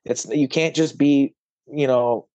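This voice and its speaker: A man appears as a podcast guest in an emotional conversation, rambling with lots of fillers, swearing now and then, and sounding close to tears. His voice is medium-pitched, steady, and warm, and he speaks slowly. The recording is dry and lo-fi.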